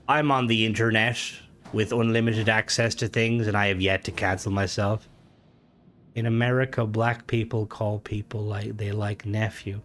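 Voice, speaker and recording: While playing a game on stream, a young Irish man chats loosely, reads out comments, cracks jokes, and swears. His tone is fairly bright, and his voice shoots high when he gets worked up.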